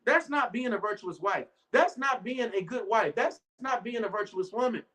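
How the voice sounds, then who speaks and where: Male preacher, high voice, casual rhetorical sermon, reads verses slowly. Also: animated, bright, forceful tone, low-quality recording. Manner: loose, rhetorical, keeps asking "right?"; reads scripture slowly and deliberately. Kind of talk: informal sermon.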